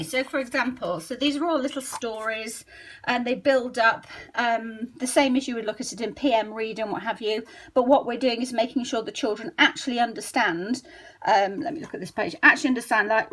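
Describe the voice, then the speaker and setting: A middle-aged woman who trains literacy teachers explains a spelling method while leafing through a book. She thinks aloud and slowly sounds out words in a voice on the high side and a bit bright.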